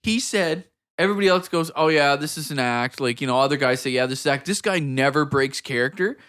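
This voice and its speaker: A man with a bright, forceful voice that sits a little high, chatting casually on a comedy podcast. He tells stories with animated energy and slips into quoted voices as he goes. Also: fairly quick, clean tone. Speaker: podcast co-host.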